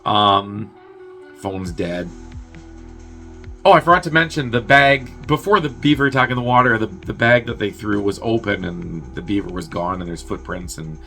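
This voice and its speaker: A man hosting a movie review show, casually recapping a film's plot in a loose, sweary way, with quick asides where he acts out the characters' lines. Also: fairly low pitch, creaky, pushed and bright, faint music behind. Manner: loose and chatty, full of "like" and swearing.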